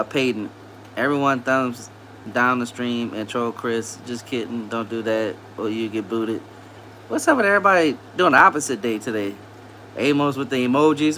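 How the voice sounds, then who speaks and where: A man's voice: medium pitch, pushed and bright, a little hiss or hum. A man from Louisiana with a Southern accent, hosting a casual livestream, reading viewers' comments aloud and greeting them in a laid-back, upbeat way. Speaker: livestream host.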